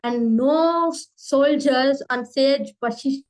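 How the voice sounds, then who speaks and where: A woman teaching children, telling a story in a slow, clear and expressive way. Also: sits high, low-quality recording.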